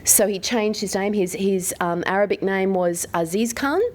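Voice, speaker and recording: A woman's voice: mid-range voice, moderate pace. A woman in her forties with an Australian accent, giving a candid personal talk to a live audience as a mentor, in a conversational manner full of fillers and questions to the room.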